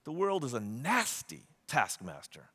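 A man preaching a sermon, retelling stories with lively, acted-out voices. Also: mid-range voice, a little slow, slightly rough, big-room sound. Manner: animated storytelling, acts out quotes. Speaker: pastor.

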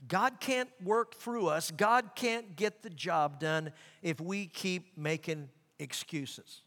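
A middle-aged man preaching a sermon as pastor, animated, acting out quoted voices. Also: sits high, takes it slowly. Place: large church sanctuary. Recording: long reverb of a large hall.

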